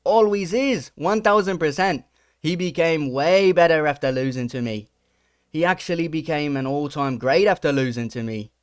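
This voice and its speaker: A man putting on a mock British accent to voice a brash, boastful male fighter ranting online, read out slowly and mockingly. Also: fairly high pitch, smooth, dry recording, clean studio sound, lightly acted. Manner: slow, mocking read-aloud.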